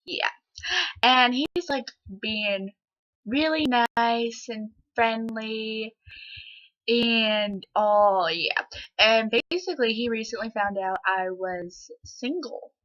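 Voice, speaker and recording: Taking it slowly, this teenage vlogger speaks in a fairly high, fairly bright voice from inside her own bedroom. The dull lo-fi home recording catches her telling her camera a meandering story, full of filler words and recreated exchanges.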